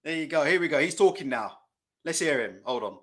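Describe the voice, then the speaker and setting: A man's voice: on the high side, expressive, fairly quick, fairly bright tone. A man hosting a live boxing watch-along, commentating in a casual, mocking, profane way. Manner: mocking, laughing, loose and profane.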